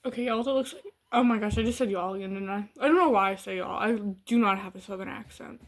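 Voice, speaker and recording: A woman's voice: medium pitch, fast talker. A woman from Michigan with a Midwestern accent, casually telling a story to her camera in a rambling way full of fillers and restarts. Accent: Midwestern American. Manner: rambling, heavy use of "like" and restarts. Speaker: vlogger.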